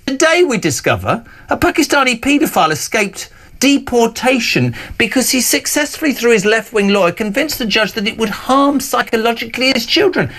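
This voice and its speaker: A male presenter with a notably high voice, holding forth on a panel discussion. He rants with heated conviction and drops in sarcastic asides. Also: sharp tone. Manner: impassioned, sarcastic ranting. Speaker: talk show presenter.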